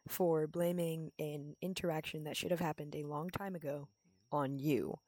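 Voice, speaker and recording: Young woman, podcast co-host, low pitch, profane, jokey, dry studio sound. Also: normal speed, a little mellow, no echo. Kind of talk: casual chat.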